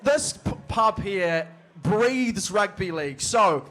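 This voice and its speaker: A man's voice: high-pitched, animated, takes it slowly, a bit bright. A man hosting a live show in a pub, upbeat as he introduces and questions a guest. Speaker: host.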